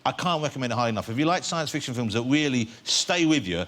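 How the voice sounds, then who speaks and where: Quick-talking chat show host. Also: male voice, medium pitch, animated, fairly bright tone. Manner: quick, chatty and teasing. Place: TV studio with audience.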